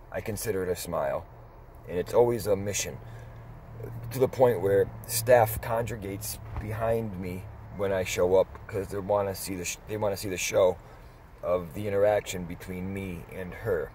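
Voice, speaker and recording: A middle-aged man telling a story in a casual, rambling way, pausing and restarting as he goes. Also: deep voice, fairly even intonation, dark tone, a little hiss or hum. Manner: rambling, conversational, with pauses and restarts. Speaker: dog vlogger.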